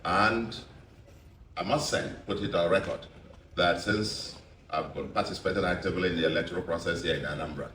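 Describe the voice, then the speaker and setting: A very low-voiced Nigerian man delivers a victory speech as a re-elected governor, measured and emphatic, stacking repeated phrases. He sounds distant from the mic in a roomy, echoing space, with faint noise behind him. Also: a bit bright.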